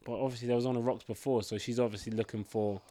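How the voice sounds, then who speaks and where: A man's voice: medium pitch, steady tone, very fast, mellow. A man hosting a casual chat, asking teasing, probing questions. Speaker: host.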